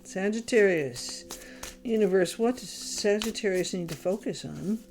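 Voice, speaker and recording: A woman's voice: mid-range voice, a little slow, a little mellow. Blunt, exasperated woman reading tarot. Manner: blunt, exasperated, swears freely. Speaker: tarot reader. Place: home, candles lit.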